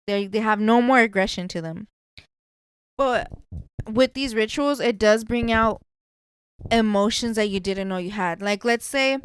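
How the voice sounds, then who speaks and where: A woman's voice: medium pitch, smooth, no echo. A woman hosting a podcast, chatting casually in a blunt, profane way. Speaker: podcast host.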